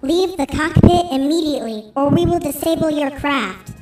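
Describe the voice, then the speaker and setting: A man's voice: very high-pitched, normal speed, darkish tone, soft background music, voice pushed up. A man voicing a battle droid commander in a clipped, commanding robotic manner, in a storybook reading. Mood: threatening.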